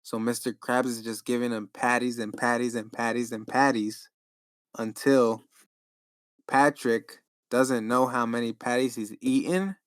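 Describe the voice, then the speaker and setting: A man's voice: mid-range voice, level tone, measured pace, smooth, no room sound. A man co-hosting a podcast, laid-back, chatting and making up a story. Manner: laid-back, says dude often. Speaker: podcast co-host. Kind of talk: casual chat and improvised storytelling.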